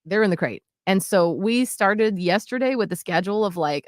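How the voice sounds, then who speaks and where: A woman's voice: medium pitch, moderate pace, no echo, clean studio sound. A woman co-hosting a radio show, chatting casually and telling a story with lots of acted-out quotes. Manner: animated storytelling, acts out quotes in voices. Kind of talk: casual chat.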